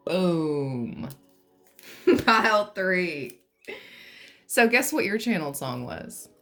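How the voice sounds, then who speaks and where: A woman with a low voice gives an unhurried, joking tarot reading. She keeps things light and sometimes breaks into song. Soft music plays faintly behind her. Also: big pitch swings. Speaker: tarot reader. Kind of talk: pick-a-card tarot reading.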